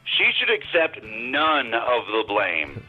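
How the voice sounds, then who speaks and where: A man's voice: mid-range voice, big pitch swings, slow, husky, soft background music, exaggerated voice. A man voices a self-righteous radio caller who scolds and talks down to the host. The delivery is indignant and dripping with sarcasm. The sound is dull and lo-fi, like a phone call into a radio show. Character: shrill, scolding Hillary-supporting caller. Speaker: comedian. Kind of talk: comedy sketch as a radio caller.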